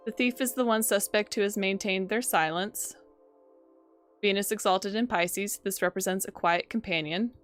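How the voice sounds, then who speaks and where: A woman's voice: medium pitch, normal speed, soft background music. A woman doing casual gameplay commentary, wryly reading game text aloud. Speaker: game streamer.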